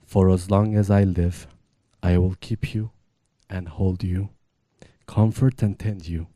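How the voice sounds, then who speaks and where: A groom speaks his wedding vows in a very dark, mellow tone. His delivery is earnest and measured, and the sound is close and dry. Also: low voice, fairly even intonation, no room sound.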